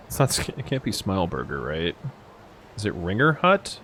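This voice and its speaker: A man's voice: sits low, sing-song, unhurried, pushed and bright, a little hiss or hum. A young man streaming a game, rambling and joking with frequent swearing as he plays. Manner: rambling, jokey and profane. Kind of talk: casual gameplay commentary.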